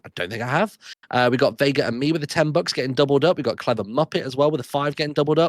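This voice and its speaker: A man hosting a charity livestream, reading out donor names one after another with quick thanks and little asides. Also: medium pitch, no room sound. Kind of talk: live donation readout.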